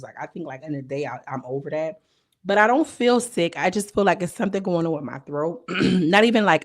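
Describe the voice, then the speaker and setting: A young woman recapping a reality show in casual, slangy chat, her voice a little hoarse. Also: lowish voice. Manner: chatty, slangy, animated retelling. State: slightly hoarse voice.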